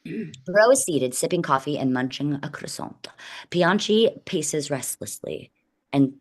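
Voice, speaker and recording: A woman reading the stage directions at a table read in a plain, steady way. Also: low-pitched, unhurried.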